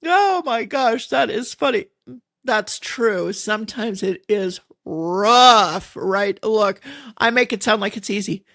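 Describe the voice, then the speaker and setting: A woman's voice: mid-range voice, expressive, takes it slowly, a bit bright, dry recording, studio quality. A middle-aged woman hosting a podcast, chatting in a folksy, rambling way and laughing often. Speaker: podcast host. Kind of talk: casual rambling monologue.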